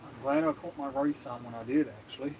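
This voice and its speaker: A man's voice: medium pitch, steady tone, brisk, a little mellow, slight background noise. Man from Canada, live-stream chat, laughs a lot, home kitchen, muffled audio. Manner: chatty, laughs often, greets chat by name. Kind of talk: casual live-stream chat while cooking.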